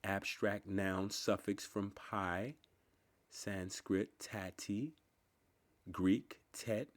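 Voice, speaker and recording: Man reciting definitions word by word, low voice, unhurried delivery. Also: fairly even intonation. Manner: slow, deliberate word-by-word recitation. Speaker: channel host. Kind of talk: reading dictionary entries aloud.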